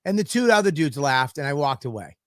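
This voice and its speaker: A man's voice: on the high side, very animated, a little fast, fairly bright tone, no room sound, clean studio sound. A man co-hosting a podcast, telling a story in a profane, ranting way. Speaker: podcast co-host. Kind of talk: casual podcast chat.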